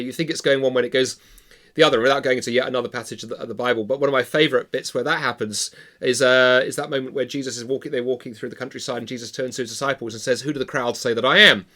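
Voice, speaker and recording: A man's voice: mid-range voice, racing. A man, an evangelist and writer, telling stories animatedly as a podcast guest. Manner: animated storyteller. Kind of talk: casual conversation about comedy and faith.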